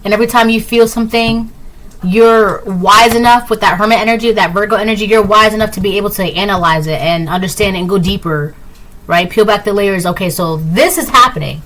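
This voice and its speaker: A woman's voice: mid-range voice, fairly quick, a bit bright, rough recording. A woman giving a casual tarot reading, rambling with lots of "like" and "right?", breezy and dismissive. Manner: breezy and dismissive, repeats "blah, blah". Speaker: tarot reader.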